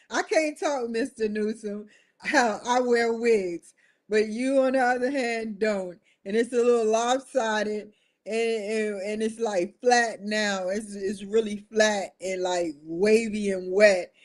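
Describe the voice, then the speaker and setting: A woman hosting her own stream, riffing with loose, joking commentary and frequent laughs. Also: medium pitch. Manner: laughing, animated storytelling with mock quotes; loose, colloquial, rambling. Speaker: streaming show host.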